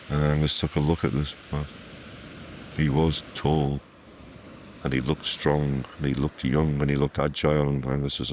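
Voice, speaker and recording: Storyteller, male, very low voice, leisurely, conversational asides. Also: flat delivery, normal speed, slight background noise. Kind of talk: oral folk-tale storytelling.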